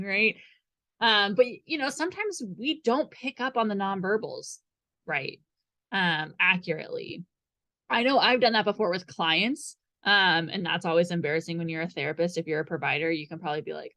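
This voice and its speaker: A woman's voice: mid-range voice, animated, normal speed, pushed and bright. A young woman, a therapist, teaching a group in a casual, chatty way, often checking in with "right?". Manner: chatty, many fillers and "right?" tags.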